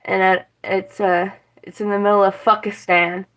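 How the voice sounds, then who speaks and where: A woman's voice: mid-range voice, little pitch movement, moderate pace, a bit bright, low-quality recording. Young woman with a West Virginian accent streaming from her kitchen. Rambling, profane, talks straight to chat. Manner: rambling, swears freely, chats with viewers. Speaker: livestreamer. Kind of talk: casual livestream chat. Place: home kitchen.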